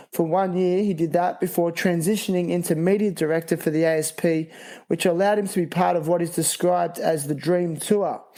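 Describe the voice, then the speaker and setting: A podcast host with a high-ish, mellow voice runs a casual interview, reading sponsor spots and chatting in laid-back surfer slang.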